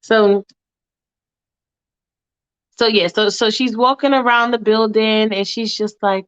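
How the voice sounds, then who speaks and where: A woman's voice: a little high, fairly even intonation, slow pace, pauses often, fairly bright tone, clear, resonant tone. A woman from New York, a podcast host telling a freestyle story in a chatty, sassy way with plenty of cursing. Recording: dull lo-fi dry recording.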